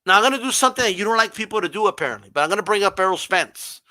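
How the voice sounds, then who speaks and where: The recording has no room sound, and the man's high-pitched voice races along. He's hosting a boxing livestream, answering chat confrontationally with pointed rhetorical questions and imitating a flat monotone to mock it.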